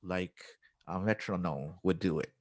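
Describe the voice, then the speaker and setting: Against a noisy background, a low-voiced man talks at a measured pace. He's an English teacher and musician explaining his approach in a chatty interview, demonstrating classroom lines as he speaks.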